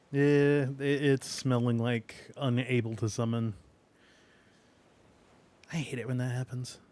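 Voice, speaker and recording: A male streamer in casual gameplay commentary, talking at a slow, unhurried pace. His voice sits at an ordinary middle pitch, rambling through thoughts with fillers and small laughs between them. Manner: relaxed, rambling, trails off with fillers and soft laughs.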